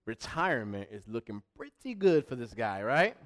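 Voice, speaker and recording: A middle-aged male pastor preaching a sermon, emphatic, repeating himself and swinging between loud and hushed. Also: medium pitch, big pitch swings, normal speed.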